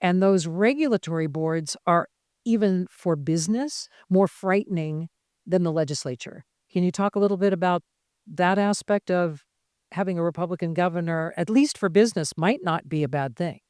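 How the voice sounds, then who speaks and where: Brisk, joking woman moderating a panel. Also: fairly low pitch, darkish tone, no echo, studio quality. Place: conference stage.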